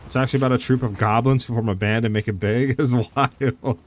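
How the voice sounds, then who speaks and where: A young male game streamer talks loosely over his gameplay, answering chat and tossing in "like" every few words. His voice sits at an ordinary mid pitch, with a faint hiss of noise behind it. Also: steady tone, a little fast. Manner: chatty, answers chat, many "like" fillers. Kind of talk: casual live-stream commentary.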